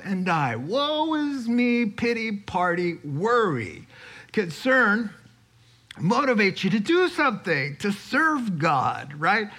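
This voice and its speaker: A man preaching a sermon, animated, acting out quoted voices and chuckling as he teaches. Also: fairly high pitch. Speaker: pastor.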